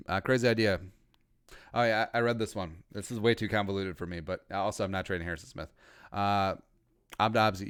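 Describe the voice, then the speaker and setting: With a lowish voice and clean tone, this podcast host, a man in his thirties from Minnesota, rambles through a casual livestream, tossing in crude jokes along the way.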